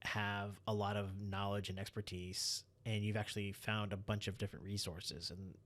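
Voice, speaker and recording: A man's voice: fairly low pitch, normal speed. A young man hosting a podcast, chatting casually and joking with a guest. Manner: relaxed, joking, laughs often. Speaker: podcast host. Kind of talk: casual chat.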